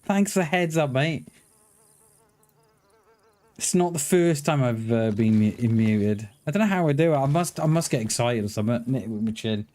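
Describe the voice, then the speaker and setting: A man live-streaming a game, chatting excitedly with viewers, swearing casually and stumbling over his words. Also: mid-range voice, normal speed. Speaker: livestreamer. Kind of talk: casual live-stream chat while gaming.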